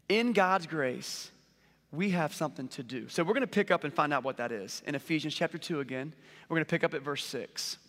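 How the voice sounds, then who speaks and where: A man in his forties preaching a conversational sermon, telling stories with lively rhetorical questions. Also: on the high side. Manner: animated storytelling with rhetorical questions. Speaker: pastor. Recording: long hall reverb.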